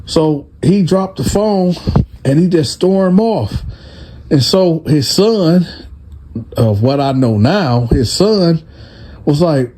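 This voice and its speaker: A man telling a prison story in a casual, animated way, talking straight to his viewers. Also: fairly high pitch, slow, long pauses, slight background noise. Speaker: storyteller, channel host.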